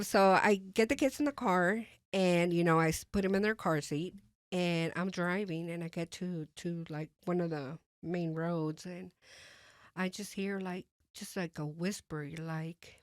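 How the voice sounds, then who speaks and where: A woman with a somewhat low voice shares her personal testimony as a guest in conversation. She speaks haltingly with many fillers and restarts, softening her voice when re-enacting her thoughts. The sound is close and dry, with no room sound.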